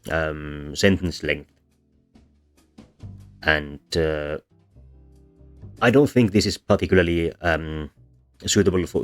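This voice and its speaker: Low-voiced man giving a hesitant lecture. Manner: hesitant, many ums and restarts. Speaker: VTuber lecturer on linguistics. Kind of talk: casual explanatory lecture. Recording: soft background music under voice.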